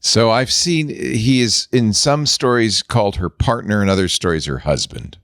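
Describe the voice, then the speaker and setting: A man's voice: lowish voice, expressive, moderate pace, fairly bright tone, no room sound, clean studio sound. A man hosting a casual tech panel chat, wry and chatty with loose fillers. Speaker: host.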